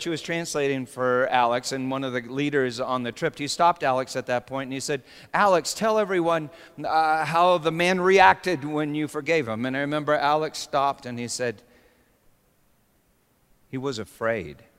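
A man preaching a sermon with dramatic swings between hushed storytelling and sudden shouts. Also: on the high side, normal speed, few pauses, clean tone. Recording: long reverb of a large hall.

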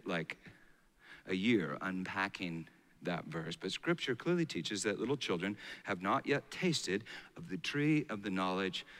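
A middle-aged man preaching a sermon as a pastor, swinging between hushed and loud passages. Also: low voice. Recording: long reverb of a large hall.

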